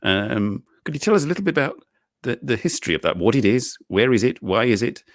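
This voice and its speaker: A man hosting an interview on a video call, asking questions in a halting, playful way and chuckling often. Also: mid-range voice, sing-song, dry recording, studio quality. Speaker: host.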